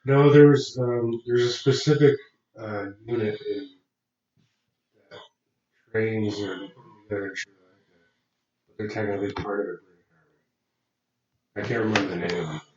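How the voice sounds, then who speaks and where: A man's voice: lowish voice, steady tone, moderate pace, long pauses, darkish tone. A man co-hosting a podcast in casual chat, hesitant and full of "um" and restarts. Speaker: podcast co-host. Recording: distant, roomy, lo-fi mic.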